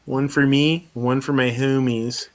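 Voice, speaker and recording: A man's voice: medium pitch, level tone, measured pace. A man hosting a casual live chat, telling a rambling story full of swearing and laughter. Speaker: podcast host.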